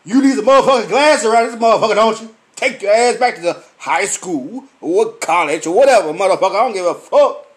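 A man's voice: high-pitched, expressive, brisk, few pauses. A tipsy man delivering a profane comedic rant, swearing constantly and mimicking other people's questions. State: tipsy, sweating. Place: lively night venue with drinks.

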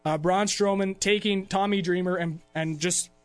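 This man talks in a notably high voice, easygoing and rambling as he recaps things for his podcast. He laughs often and keeps it loose and conversational. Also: fairly even intonation, moderate pace, soft background music. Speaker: podcast host. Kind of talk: casual chat recapping wrestling.

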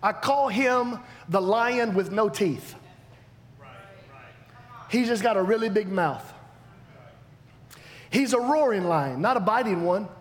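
A man preaching a sermon, animated and emphatic, swinging between loud declarations and hushed asides. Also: sits high, takes it slowly, long pauses. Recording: long hall reverb, faint background noise.

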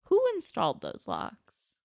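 A woman's voice: low-pitched, wildly swooping pitch, a little slow, vocal fry, dry recording, clean studio sound. A young adult woman co-hosting a podcast, animatedly retelling a TV episode and acting out the characters' lines. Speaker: podcast co-host. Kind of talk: casual chat recapping a TV episode.

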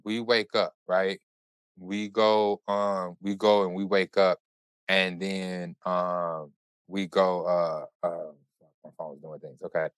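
A man hosting a podcast, telling a story in casual chat with animated, profane, run-on delivery. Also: deep voice, slow pace, clear, resonant tone, no room sound. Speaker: podcast host.

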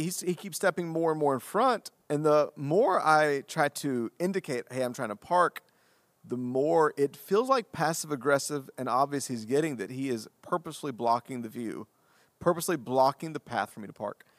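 Animated storytelling pastor, dry close mic. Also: male voice, a little high, normal speed, no echo. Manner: animated and self-deprecating, acting out the dialogue. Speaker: pastor and podcast co-host. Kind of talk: casual conversational storytelling.

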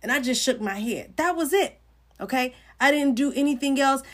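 A middle-aged Christian livestream host gives an informal sermon, speaking earnestly and conversationally while greeting viewers by name. Her high voice is animated and fairly bright, at normal speed.

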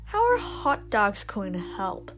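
A woman's voice: medium pitch, huge pitch swings, slow. A woman voicing a bold young schoolboy who often whispers. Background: instrumental music.

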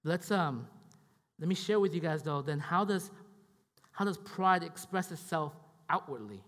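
A man's voice: a little high, animated, measured pace, a bit bright, in a large hall. A man preaching a sermon in a conversational way, often repeating himself and checking in with the congregation. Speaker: pastor.

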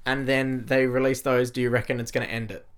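A man's voice: mid-range voice, little pitch movement, brisk, clear, resonant tone. A man hosting a casual film news chat, reading headlines with upbeat emphasis. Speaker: podcast host reading news items.

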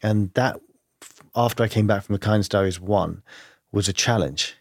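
A man's voice: fairly low pitch, moderate pace, vocal fry, no echo, studio quality. A man speaking as an interview guest, reflective and earnest, thinking aloud with many "you know" and "like" fillers. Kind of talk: candid conversational interview.

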